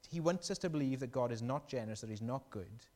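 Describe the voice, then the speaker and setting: A man preaching a sermon, animated and storytelling, asking the congregation questions. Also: medium pitch, fast, in a large hall.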